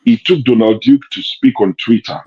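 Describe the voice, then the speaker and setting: A man's voice: medium pitch, normal speed, dark tone, breathy edge, lo-fi sound. A Nigerian man hosting an online discussion, arguing his case with pointed rhetorical questions. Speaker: host.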